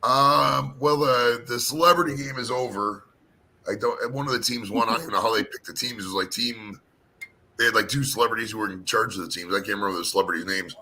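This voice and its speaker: A man hosting a live-streamed panel chat, hoarse from talking all day, rambling casually and swearing a lot. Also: fairly low pitch, fairly even intonation, fast, pushed and bright, low-quality recording. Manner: rambling, profane, laid-back. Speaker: panel show host.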